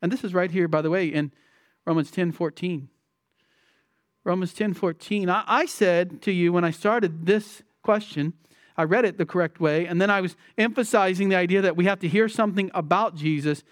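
Guy preaching a sermon, pretty high voice, keeps repeating himself for emphasis, dry close sound. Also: no echo. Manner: emphatic, repeats key phrases, asks rhetorical questions. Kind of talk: expository sermon.

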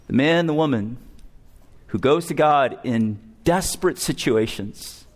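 A male pastor preaching a sermon with an emphatic, deliberate expository delivery. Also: medium pitch, animated.

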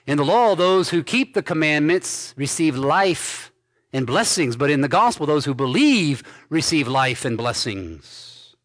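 A man pastor preaching an expository sermon, reading scripture aloud and commenting on it with emphatic stresses and quiet endings. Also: fairly high pitch, sing-song, a little slow. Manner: emphatic preaching, swinging between loud stresses and dropped soft endings.

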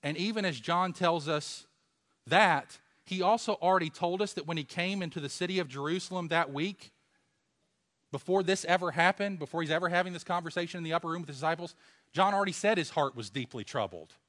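A man preaching a sermon, asking rhetorical questions and swinging from a hush to loud emphasis. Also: on the high side, fairly quick.

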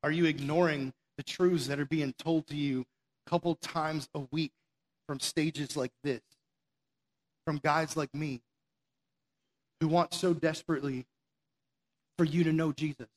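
A man preaching a sermon from a stage, energetic and conversational, full of rhetorical questions and the word "like". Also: on the high side, a little slow, pauses often. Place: stage before an audience.

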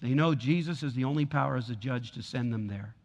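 A man's voice: mid-range voice, brisk, lo-fi sound. A man pastor preaching a sermon in a church, repeating lines and building in force. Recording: long hall reverb.

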